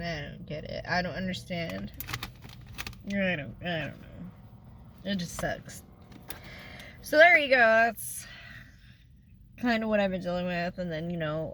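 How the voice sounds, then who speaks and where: A woman's voice: fairly low pitch, a bit bright, slight background noise. A woman, talking in a rambling, emotional way in a casual personal vlog, tearful at times. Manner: rambling and emotional, trails off and restarts. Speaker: vlogger.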